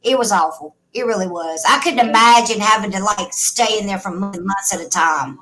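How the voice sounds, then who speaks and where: A woman's voice: medium pitch, moderate pace, low-quality recording. A woman telling a personal story in casual chat, blunt, swearing freely and emotional.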